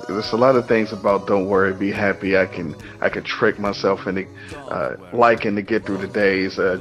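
A man answering an interview question in a halting, self-correcting way. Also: lowish voice, fairly bright tone. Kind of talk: casual street interview answer. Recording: dull lo-fi recording, faint music.

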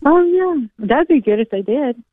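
A woman from Georgia with a Southern accent, calling into a radio show and chatting in a fast, laughing way. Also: high-pitched, animated, dry recording. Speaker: radio caller. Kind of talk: casual phone-in chat. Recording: tinny phone line.

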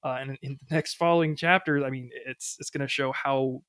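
A man's voice: mid-range voice, fairly even intonation, fairly quick, fairly bright tone, smooth, no echo, clean studio sound. A man co-hosting a podcast in casual chat, emphatic and jokey, swearing freely. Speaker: podcast co-host.

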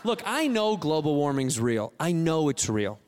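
A man in his late thirties doing a stand-up comedy set, ranting in an exasperated way and swinging loud. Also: fairly high pitch, big pitch swings, a little slow. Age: 30s. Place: theater stage with audience.

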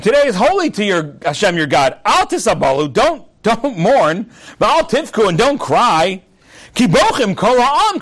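A man with a very high voice gives an animated class on Jewish texts. He reads each Hebrew verse, translates it line by line and keeps it light with jokes and rhetorical questions. His pitch swings widely. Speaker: rabbi teaching a class. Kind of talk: animated Torah class with humor.

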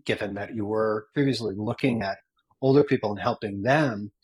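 A man's voice: lowish voice, normal speed, a little mellow, breathy edge, rough recording. A man hosting an interview show, asking long, loosely worded questions. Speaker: host. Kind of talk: podcast interview.

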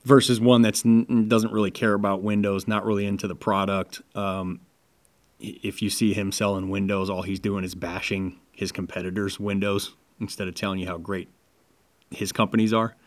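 A man co-hosting a casual sales-training podcast, who talks animatedly and acts out sales pitches. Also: level tone, moderate pace. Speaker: podcast co-host.

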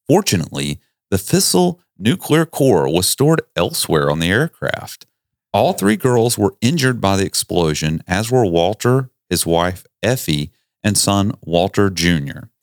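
A man with a low voice and a lot of swing in his pitch hosts a casual podcast. He tells stories in a folksy, jokey way. The recording is dry and close to the mic. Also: no room sound. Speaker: podcast host. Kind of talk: casual storytelling chat.

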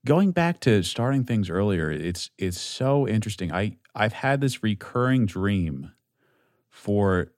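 A man hosting a solo podcast, rambling and swearing freely, self-deprecating, swinging between loud outbursts and low mumbling. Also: big pitch swings, a little slow, no echo, clean studio sound. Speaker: podcast host.

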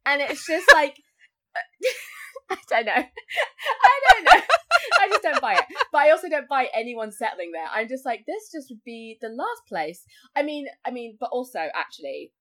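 A woman's voice: sits high, big pitch swings, normal speed, a bit bright. A woman talking as a guest on a podcast in casual chat. She fills her talk with "like" and often acts out other people's voices. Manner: chatty, full of likes, acts out voices.

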